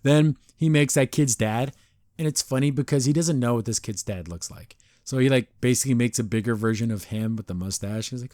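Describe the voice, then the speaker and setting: A man hosting a podcast, casually recapping a cartoon episode in a rambling, animated way, acting out the characters' lines. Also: mid-range voice, fairly quick, no echo, clean studio sound.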